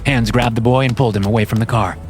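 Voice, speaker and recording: A man narrating a horror story in a measured, steady scripted reading. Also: medium pitch, soft background music.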